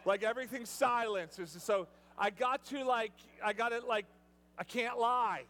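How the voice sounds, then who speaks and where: A man, a pastor, preaching a sermon in a storytelling way, repeating words and restarting, at times building to loud preaching. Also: very high-pitched, normal speed. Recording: long reverb of a large hall.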